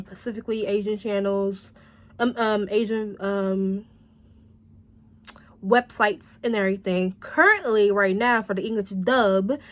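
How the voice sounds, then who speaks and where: A woman chatting casually as she reviews a drama, rambling and animated, laughing and swearing often. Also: mid-range voice.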